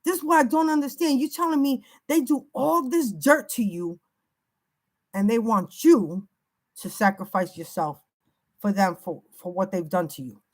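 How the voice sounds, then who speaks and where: A woman's voice: a little high, normal speed, a little mellow, poor audio. An older woman giving an unscripted spiritual reading, emphatic and warning, piling up repeated phrases. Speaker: spiritual reader.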